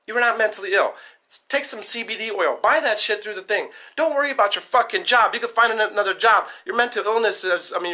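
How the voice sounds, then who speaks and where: Rambling, profane man with a bright voice. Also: sits high. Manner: rambling, profane, fast-talking. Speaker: vlogger. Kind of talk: casual rant to camera.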